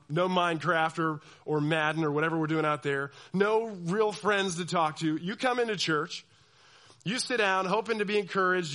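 A young man preaches to a youth crowd, his voice sitting high for a man. He is animated, breaking into the voices of the people he describes. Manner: animated, acts out quoted voices. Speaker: youth pastor. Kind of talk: sermon.

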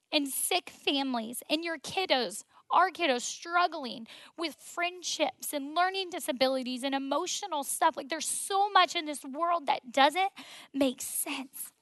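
A woman's voice: high voice, fairly bright tone, no room sound. A woman, sharing a personal faith testimony in an emotional, storytelling way full of "like" fillers, dropping at times to a near whisper. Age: 20s.

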